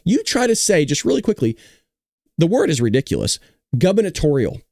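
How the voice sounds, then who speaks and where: A man's voice: fairly high pitch, huge pitch swings, a little fast, vocal fry, darkish tone, dry recording, clean studio sound. A man hosting a casual talk show, joking with his viewers and teasing the chat. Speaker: host.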